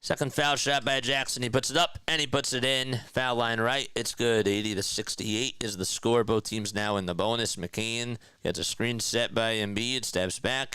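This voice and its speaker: A man with a mid-range, bright, forceful voice that is clear and resonant does a homemade basketball play-by-play as a partisan fan, exasperated by his team. He records dry at home on a streaming mic.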